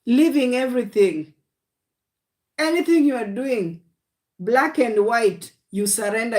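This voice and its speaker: A woman delivers a livestream sermon in a fairly high voice, unhurried and deliberate. She repeats her short, emphatic lines of encouragement and keeps calling the audience "guys.". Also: lively intonation, a little mellow. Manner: emphatic, repetitive exhortation, often calling listeners "guys"; speaks in short declarations of faith. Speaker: preacher.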